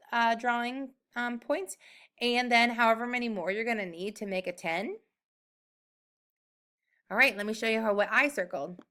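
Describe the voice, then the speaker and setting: A woman teacher giving a recorded math lesson to young children, upbeat and encouraging, speaking slowly and clearly. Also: on the high side, sharp tone.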